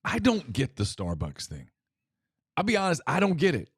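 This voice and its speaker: A man's voice: on the high side, huge pitch swings, moderate pace, breathy edge, no echo, clean studio sound. A middle-aged man co-hosting a casual sports talk show, chatty and exasperated with laughing asides. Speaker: co-host.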